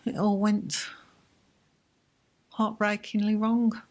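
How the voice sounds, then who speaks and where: Woman, halting emotional telling. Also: mid-range voice, completely flat delivery. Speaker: bereaved mother, interview guest. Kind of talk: personal account in an interview.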